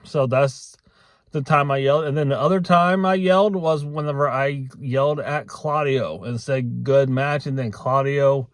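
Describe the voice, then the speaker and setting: A middle-aged man talking casually to camera in a vlog, halting with frequent restarts and fillers. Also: medium pitch, no room sound, studio quality. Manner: halting, many restarts and ums. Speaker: vlogger.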